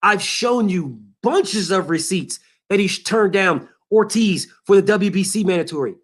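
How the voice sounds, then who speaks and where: A man's voice: high voice, lively intonation, normal speed. A man hosting a boxing show, ranting in a heated, emphatic and profane way and repeating his points. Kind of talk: boxing commentary rant.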